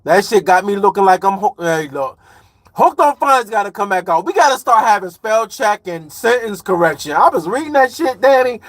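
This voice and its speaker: A man in his 40s from Chicago, a livestreamer who also drives trucks, talks loosely and slangily while reading comments aloud. His voice sits high and is expressive, with a fairly bright tone, at normal speed. There's no room sound.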